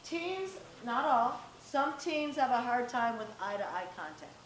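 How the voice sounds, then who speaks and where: Here the same kind of live talk to parents and teens comes through a distant mic in an echoey room, with faint background noise. The middle-aged presenter sounds a little high and sing-song, speaking a little slowly, and she addresses the audience directly and conversationally while acting out bits of dialogue.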